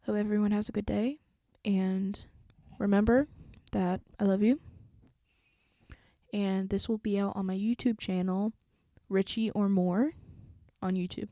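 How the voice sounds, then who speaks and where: A woman doing casual let's-play commentary, chatty and thinking out loud as she reacts. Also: mid-range voice, fairly even intonation, a little slow, no room sound. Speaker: YouTuber playing a story game.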